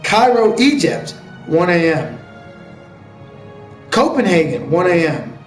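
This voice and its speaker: American guy on a live stream, kinda high voice, joking around with chat, echoey room, quiet music behind. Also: sing-song, takes it slowly. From United States. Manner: chatty and joking, answering viewers' questions aloud. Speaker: live-stream gamer chatting with viewers. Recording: roomy echo with faint background music.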